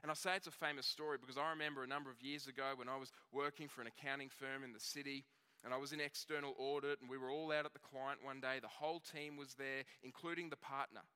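A man preaching a sermon, telling the story in a conversational way and slowing down on key words. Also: medium pitch, steady tone, pushed and bright, clean tone. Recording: long reverb of a hall.

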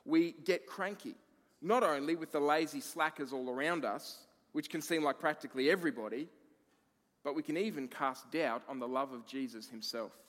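A man preaching a sermon as pastor, expressive, moving between emphatic lines and hushed ones. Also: on the high side, normal speed, in a large hall.

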